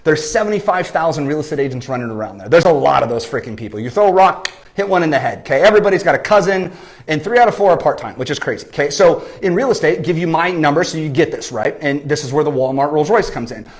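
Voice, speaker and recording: A man in his thirties giving an animated business coaching talk, often checking in with "okay?" and "right?". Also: a little high, fast. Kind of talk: energetic marketing talk. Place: lives in San Diego.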